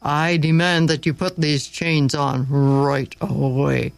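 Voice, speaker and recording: A man's voice: a little high, level tone, takes it slowly, gravelly, no echo. A man voicing a cruel, menacing slave master in a spoken story, growling and snarling his lines. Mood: commanding.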